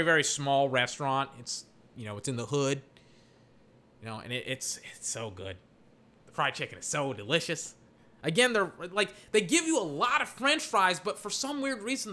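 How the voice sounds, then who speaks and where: A young man from Texas rambling casually, full of filler words, breaking into excited play-by-play as he watches football. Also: fairly high pitch. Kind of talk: casual rambling chat while calling a football game.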